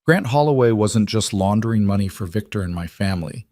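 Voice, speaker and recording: A man voicing a guarded crime boss who speaks flat and emotionless in a storybook reading. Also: lowish voice, fairly quick, no room sound, clean studio sound, natural voice. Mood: cold.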